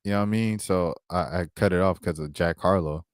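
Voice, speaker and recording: This man speaks briskly in a low voice, with studio-quality sound and no room noise. Hosting a casual basketball commentary stream, he stays slangy and relaxed, tossing out "bro" and "dog" often while juggling clips.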